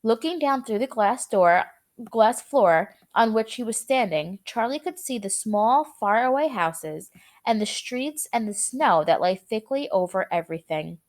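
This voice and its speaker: A woman's voice: mid-range voice, lively intonation, a little slow. A young woman teacher reading a chapter aloud to her students and explaining words in a casual, chatty way.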